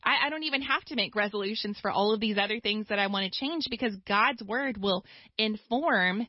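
A woman, a guest author, telling stories in a casual conversation with lively asides. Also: medium pitch, no echo. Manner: lively storytelling with quick asides. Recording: dull dry studio sound.

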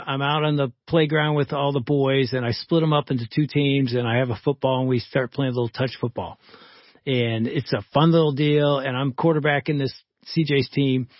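A man's voice: a little high, dry recording, lo-fi sound. Male podcast host telling a story. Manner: lively storyteller who acts out quoted dialogue. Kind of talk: storytelling in a casual faith-based talk.

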